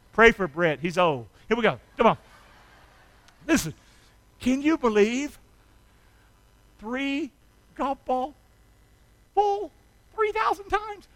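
A pastor preaching in church, his voice strikingly high and bright, with a smooth, clear tone on a dry recording. He takes his time, drawing words out slowly. He swings between hushed, intimate moments and loud shouts, calling on the congregation to respond. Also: no room sound. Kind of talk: sermon.

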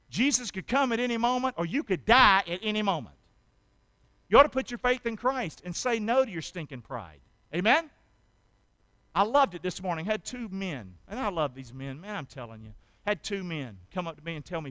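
High bright-voiced preacher, emphatic. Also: male voice, expressive, a little fast, no echo. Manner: emphatic, asks the congregation questions and answers them himself; reads scripture aloud dramatically. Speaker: pastor. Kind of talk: sermon.

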